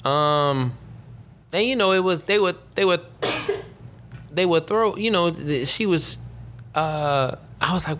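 A man in his thirties talking in a casual chat, rambling and halting, restarting his sentences. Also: a little high, a bit bright, a little hiss or hum. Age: 30s.

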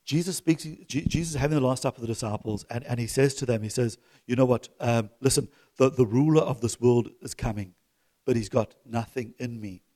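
A middle-aged man preaching a sermon to his church, swinging from loud exhortation to soft, chuckling asides. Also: medium pitch, brisk. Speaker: pastor.

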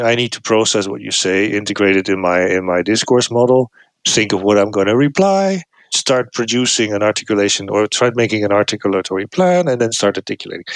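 Middle-aged male academic guest, low voice, dry close sound, thoughtful and self-correcting. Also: no room sound. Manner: thoughtful, restarts phrases, acts out quoted replies. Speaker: guest researcher. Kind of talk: casual academic explanation.

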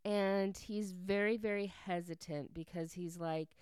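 A woman's voice: on the low side, steady tone, measured pace, hardly any pauses, darkish tone, clear, resonant tone, no room sound. A woman casually recapping a story plot to her viewers, chatty and full of "like" fillers.

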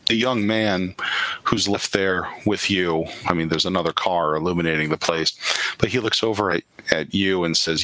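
A man narrating as game master of a tabletop role-playing game, in a relaxed, rambling way. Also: sits low, moderate pace, no echo, poor audio. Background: background music.

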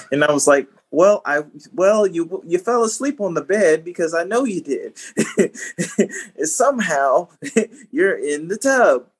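A man with a slightly high voice talks casually on a podcast. He stumbles and restarts often and chuckles between phrases. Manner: hesitant, repeats words, chuckles. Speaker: podcast co-host. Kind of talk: casual storytelling chat.

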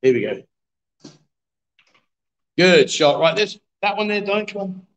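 A man's voice: high voice, animated, moderate pace, long pauses, a little hiss or hum, low-quality recording. A middle-aged man, hosting a live stream from a bar and cheering on pool players, coaxing and joking with viewers. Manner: jokey, coaxing, chatty with viewers. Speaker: livestream host.

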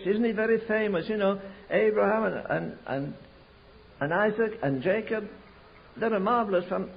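An older man preaching a sermon, telling stories slowly and rising to fervent pleas. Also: high voice. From England. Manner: storytelling with slow emphatic stretches, rising to fervent pleas. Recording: muffled lo-fi sermon recording.

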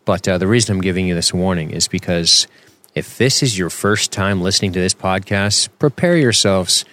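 A man's voice: sits low, moderate pace, fairly bright tone. A man co-hosting a podcast in casual chat, rambling and joking with lots of fillers and self-corrections. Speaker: podcast co-host.

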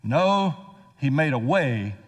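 A senior pastor preaching a sermon. He shifts from quiet asides to loud, emphatic peaks. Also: sing-song, slow pace. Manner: dynamic preacher, swings between soft asides and loud high-pitched emphasis. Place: church sanctuary. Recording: reverberant church hall.

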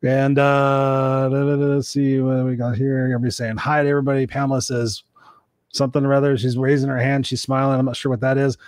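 Man in his fifties, show host, quick talker, dry close sound, casual swearing. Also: mid-range voice, flat delivery, a little mellow, no room sound. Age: 50s. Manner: swears freely, joking, chatty. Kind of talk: casual live-stream chat.

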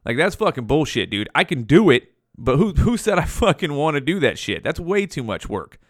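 A man's voice: on the high side, very animated, moderate pace, dry recording, clean studio sound. A man hosting his own show, talking in a rambling, profane, slangy monologue. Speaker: podcast host.

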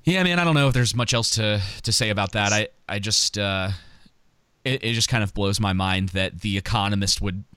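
A man's voice: fairly low pitch, moderate pace, bright, forceful tone, clean tone, no echo. A man co-hosting a podcast, talking casually with frequent "like"s and restarts. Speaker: podcast co-host. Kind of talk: casual political chat.

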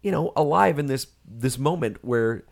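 Guy cohosting a film podcast, lively up-and-down voice, cusses and laughs a lot. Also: mid-range voice, normal speed, creaky. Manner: animated, swearing, laughing often. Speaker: podcast co-host. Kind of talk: casual chat.

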